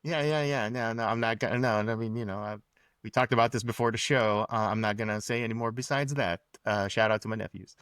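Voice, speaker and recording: A man's voice: medium pitch, quick pace, a bit bright, clear, resonant tone, dry recording, studio quality. A man co-hosting a podcast in casual chat, upbeat and teasing, laughing often. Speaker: podcast co-host.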